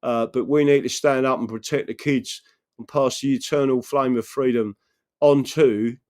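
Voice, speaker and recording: A man's voice: medium pitch, steady tone, normal speed, a little mellow. Man, political livestream host, rambling, earnest, chats with viewers. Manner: rambling, earnest, keeps asking "right?" to the chat; reads out and answers viewer messages. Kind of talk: live-streamed political monologue.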